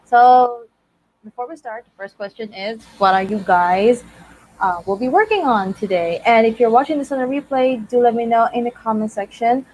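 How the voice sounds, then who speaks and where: A woman's voice: fairly high pitch, normal speed, darkish tone, low-quality recording. Bubbly woman hosting a writing livestream. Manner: bubbly, greets viewers by name. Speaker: livestream host. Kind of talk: casual livestream chat.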